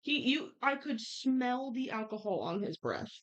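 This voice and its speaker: Young woman ranting about work on a podcast, kinda high voice, muffled lo-fi sound. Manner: animated storytelling, quick bursts. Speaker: podcast co-host. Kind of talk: casual chat. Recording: muffled lo-fi audio.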